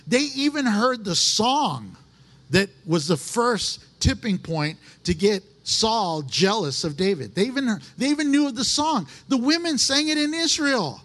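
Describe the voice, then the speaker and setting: A man preaching a sermon as pastor, folksy and animated, slipping into little acted asides. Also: very high-pitched, a little slow.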